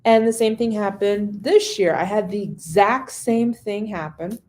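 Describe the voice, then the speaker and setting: A woman's voice: medium pitch, unhurried, darkish tone. A woman business owner speaking frankly in a casual monologue, swearing freely as she recounts her work experiences. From based in San Diego. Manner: frank, swears freely, acts out past conversations. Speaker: business owner and social media consultant.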